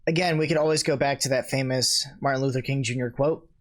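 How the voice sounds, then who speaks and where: A man's voice: mid-range voice, steady tone, quick pace. Sarcastic man hosting a reaction video. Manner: sarcastic, dry asides. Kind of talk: casual reaction commentary.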